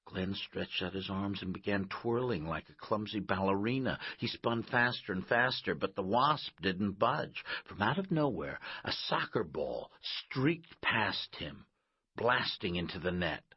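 A man narrating an audiobook in a measured, expressive way, in a slightly muffled recording. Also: lowish voice, breathy edge, dry recording.

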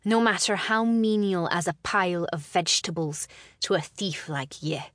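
A woman voicing a defiant young lady, speaking slowly and with care. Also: fairly low pitch, a bit bright, no echo, close to an everyday voice. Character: proud young Scottish lady, quick-tongued.

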